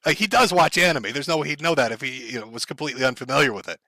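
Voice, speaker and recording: A man's voice: medium pitch, very fast, pushed and bright, dry recording. Blunt, profane man hosting a live stream.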